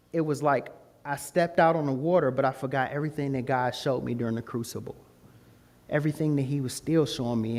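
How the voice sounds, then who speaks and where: A man giving a testimony talk to a student group, telling his story in a casual way and acting out the voices in it. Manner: animated storytelling, acts out voices with high pitch jumps; casual, informal grammar. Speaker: guest speaker.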